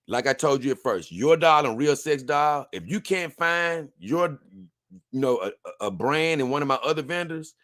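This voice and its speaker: Bright, dry-voiced man hosting a stream. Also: mid-range voice, no echo. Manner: reads lists aloud unhurriedly with asides. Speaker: livestream host. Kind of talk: casual livestream chat.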